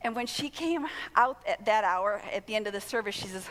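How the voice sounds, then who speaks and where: An older woman giving an inspirational conference talk to volunteers, telling stories in a lively way and acting out what people said. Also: mid-range voice, brisk, big-room sound. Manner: lively storytelling with acted-out quotes. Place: large conference hall.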